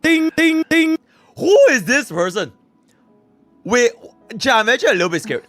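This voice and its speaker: A young man from Singapore streaming live, chatting casually with his viewers and swinging between low mumbles and excited shouts. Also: moderate pace, dry recording, soft background music. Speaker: livestreamer.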